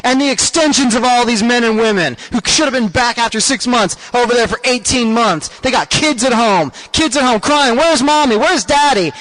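Male radio host with a very high voice, ranting and defensive, political talk. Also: normal speed, hardly any pauses, a bit bright, low-quality recording. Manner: ranting, repetitive, mock-defensive. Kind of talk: political rant.

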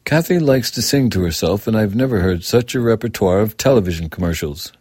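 A man's voice: lowish voice, lively intonation, a little fast, darkish tone, husky, no echo, voice pushed up. A man voicing a prim, concerned female schoolteacher in a storybook reading, speaking in a polite, fussy manner. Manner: polite, fussy, lightly raised voice.

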